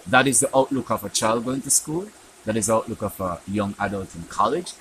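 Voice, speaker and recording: A man from Jamaica, host of a spiritual teaching program, telling stories and acting out dialogue with sharp jumps in his pitch. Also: brisk, background noise.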